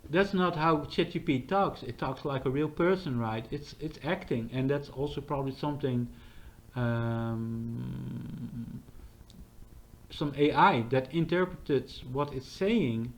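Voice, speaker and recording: A man's voice: medium pitch, slow. A man talking in a casual, rambling monologue, full of fillers and restarts.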